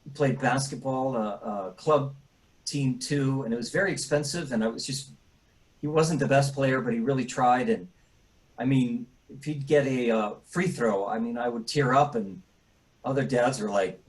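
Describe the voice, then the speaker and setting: A middle-aged man, a grieving father, speaking in a halting way with many pauses and restarts, choked up and tearful at times. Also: medium pitch, low-quality recording. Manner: halting, full of fillers and restarts. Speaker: bereaved father. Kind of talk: emotional personal interview.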